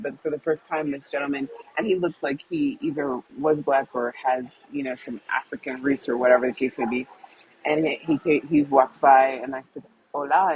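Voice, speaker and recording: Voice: mid-range voice, a little hiss or hum, poor audio. Chatty co-host telling a laughing story. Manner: chatty, laughs often, acts out dialogue. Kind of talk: casual storytelling conversation.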